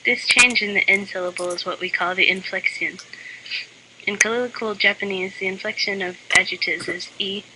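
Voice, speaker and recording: A woman delivers a parody language lesson with a flat, deadpan read and dry asides. A loud, steady hiss runs under her voice the whole time. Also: mid-range voice, normal speed. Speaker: lesson narrator. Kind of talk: mock language lesson reading with joke asides. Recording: loud constant background hiss.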